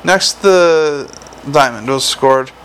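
Male storybook narrator, slightly raised pitch, measured dry delivery, faint background hiss. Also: a bit bright, low-quality recording. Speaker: audiobook narrator.

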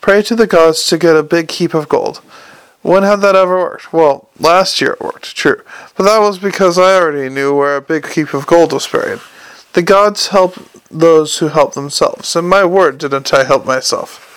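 A man reading an audiobook aloud in steady, scripted narration and voicing each character. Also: a little high, moderate pace, clean tone, dry recording. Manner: even storytelling, voices each character.

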